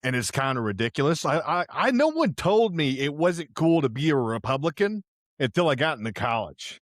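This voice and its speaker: This Houston, Texas podcast host is a young man spinning a loose, slangy story in a relaxed way, headphones on and mic close, with hearing loss in one ear. His voice leans high and sounds quite animated and fairly bright. The pace is normal, and the studio recording is clean with no room sound.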